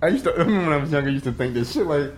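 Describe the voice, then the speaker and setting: A man's voice: fairly high pitch, lively intonation, very fast, reverberant. A man who is a guest on a casual podcast, laughing often and talking in slang. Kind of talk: casual explicit podcast banter.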